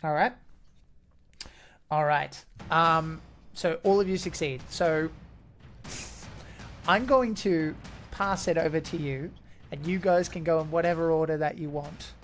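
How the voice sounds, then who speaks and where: A woman's voice: deep voice, a little slow, long pauses, faint music behind. A woman running a tabletop game as game master, narrating loosely with many restarts. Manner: rambling, many fillers and restarts.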